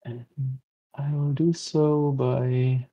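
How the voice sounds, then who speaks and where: A man's voice: mid-range voice, level tone, extremely slow, dry recording, lo-fi sound. A man playing a board game, thinking aloud and explaining the rules to his opponent. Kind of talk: casual board game chat.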